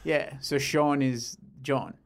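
A man's voice: medium pitch, steady tone, slow pace. A man co-hosting a casual chat, throwing in dry, sarcastic quips and questions. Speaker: podcast co-host.

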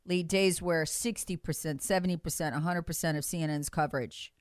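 A woman's voice: deep voice, fairly even intonation, a little fast, no echo. A woman hosting a political talk radio show, speaking in an impassioned, emphatic and mocking way into a studio mic.

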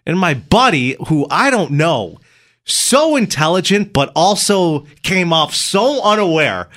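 A man hosting a morning radio show, telling a story in a casual, animated way and laughing as he goes. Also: sits high, measured pace, dry recording, clean studio sound.

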